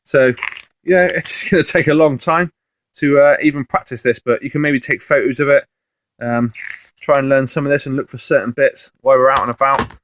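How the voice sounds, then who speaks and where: A man's voice: medium pitch, steady tone, normal speed, fairly bright tone, slight background noise, low-quality recording. A man talks casually through his finds as a reseller vlogger, rambling along with lots of fillers and restarts. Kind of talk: casual video commentary.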